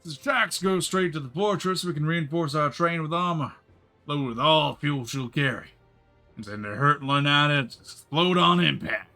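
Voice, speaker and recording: A man doing a gruff folksy railway chief. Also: fairly high pitch, animated, normal speed, sharp tone, faint music behind, pitched above the performer's own voice. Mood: resolute. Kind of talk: reading game dialogue aloud.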